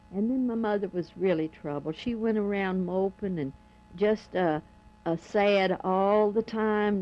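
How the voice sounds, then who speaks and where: An older woman, recalling family stories in a plain, homespun way with frequent pauses. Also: fairly high pitch, highs cut off. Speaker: oral history narrator. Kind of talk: telling family stories from memory.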